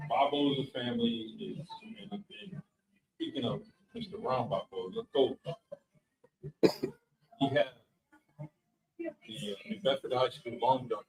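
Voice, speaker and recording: A man reminiscing in a halting way, searching for words during casual chat at a coffee shop. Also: mid-range voice, wildly swooping pitch, poor audio.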